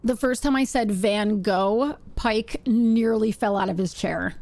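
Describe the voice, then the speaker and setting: A woman's voice: medium pitch, unhurried, darkish tone, dry recording. A woman live-streaming a game, chatting casually and playfully and laughing often.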